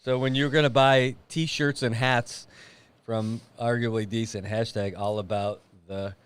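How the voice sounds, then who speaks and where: A middle-aged man chats in a relaxed way on a talk show. His voice has an average pitch, and he tells playful family stories. He chuckles easily as he goes. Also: measured pace, clean tone. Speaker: podcast co-host. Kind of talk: casual chat.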